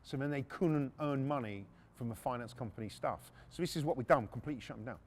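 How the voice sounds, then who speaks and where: A man's voice: medium pitch, fast, a little mellow. A middle-aged man, hosting a podcast and casually telling a story from his working life, blunt and swearing freely. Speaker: podcast host.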